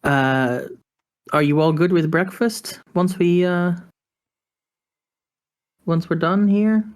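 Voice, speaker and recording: A woman's voice: fairly low pitch, takes it slowly, a little mellow. A woman playing a tabletop game, chatting casually and hesitantly, often trailing off. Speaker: player.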